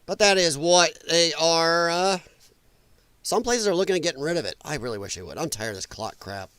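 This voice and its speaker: A man's voice: on the high side, animated, fairly quick, fairly bright tone, clear, resonant tone, no echo. A man from the United States hosting a livestream, reacting to clips with blunt, profane, sarcastic commentary. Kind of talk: casual ranting commentary.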